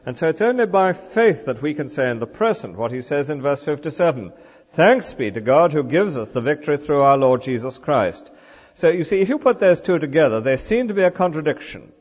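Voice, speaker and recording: An older man preaching a sermon in a church, explaining scripture with lively asides and rhetorical questions. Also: fairly high pitch, a little fast, breathy edge. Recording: dull lo-fi recording in a reverberant church.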